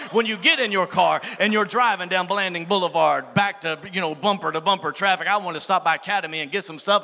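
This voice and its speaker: High-voiced preacher. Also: male voice, sharp tone, in a large hall. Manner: preaching with call-and-response to the congregation. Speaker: pastor. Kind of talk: sermon. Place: church sanctuary.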